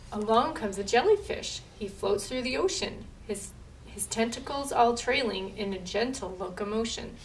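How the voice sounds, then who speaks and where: A woman librarian reading a picture book aloud at storytime, in a slow rhythmic rhyme, recorded from a distance in a library with faint noise. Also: fairly high pitch, expressive. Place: public library.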